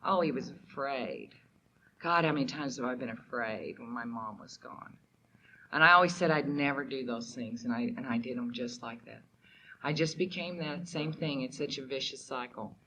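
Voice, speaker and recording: A woman's voice: very deep voice, moderate pace, sharp tone, a little hiss or hum, rough recording. A woman from Oklahoma sharing her personal story at a recovery meeting, candid and emotional, with many fillers. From Oklahoma, USA. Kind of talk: personal testimony talk. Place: meeting hall at a recovery convention.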